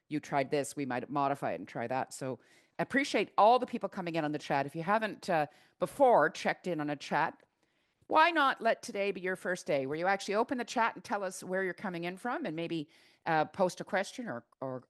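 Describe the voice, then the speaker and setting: An older woman hosting a live video-call webinar, chatty and teasing, with lots of fillers and restarts. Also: sits low. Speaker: webinar host.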